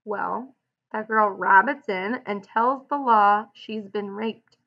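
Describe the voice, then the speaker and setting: A woman reading aloud the lines of a blunt, weary ranch-hand man who protects his friend, in a rough, plain-spoken way. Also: mid-range voice, takes it slowly, lo-fi sound. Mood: telling.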